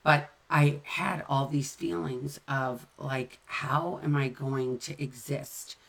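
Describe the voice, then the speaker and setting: Low-pitched middle-aged woman, candid and conversational, personal recovery talk. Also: steady tone, slow pace, creaky. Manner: candid, conversational, repeats phrases for emphasis. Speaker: sober-living speaker.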